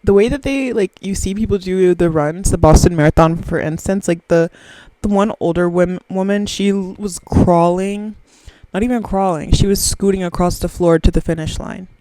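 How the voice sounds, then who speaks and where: A woman's voice: lowish voice, normal speed, dark tone, dry recording, poor audio. A woman, rambling through a profane, self-mocking solo podcast chat very close to the microphone. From Southern US. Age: 20s. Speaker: podcast host.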